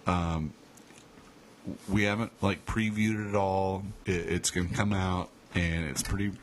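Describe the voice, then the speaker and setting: A man's voice: sits low, steady tone, measured pace, a little hiss or hum. A man hosting a podcast, telling a story in casual, rambling chat with frequent restarts and swearing. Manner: rambling and profane, with many restarts. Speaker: podcast host.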